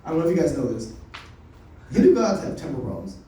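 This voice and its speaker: A man's voice: fairly high pitch, big pitch swings, fast talker, mellow. A young man doing a loose, unrehearsed stand-up set, telling stories with lots of swearing and laughs. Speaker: stand-up comic. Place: comedy open mic room. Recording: echoey room from far off.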